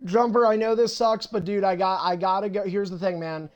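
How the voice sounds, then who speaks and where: On a livestream, a young host of an online wrestling league casually organizes matches and lays into late players with profane, impatient, bossy remarks. He sits high in pitch with fairly even intonation, talks a little fast, and the highs are cut off.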